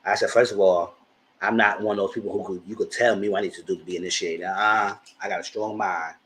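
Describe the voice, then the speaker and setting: A man's voice: on the low side, fairly even intonation, quick pace, fairly bright tone, slight background noise, low-quality recording. A man in his thirties giving chatty, slangy live commentary as host of his channel. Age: 30s.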